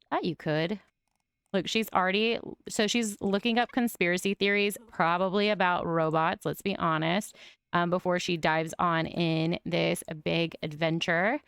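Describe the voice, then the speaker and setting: A young woman commenting on her life-simulation game, gushing and often breaking into excited squeals. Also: on the low side, measured pace, clean tone, dry recording. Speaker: gaming YouTuber.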